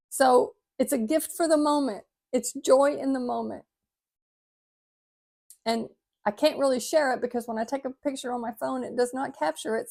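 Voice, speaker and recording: An older woman with a soft lilt speaks in a gentle, heartfelt way, reading and reflecting on an inspirational piece for her viewers. Her voice sits high and light for a woman her age. She sounds sincere and unhurried. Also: vocal fry. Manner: gentle, heartfelt, sometimes choked up. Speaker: vlogger.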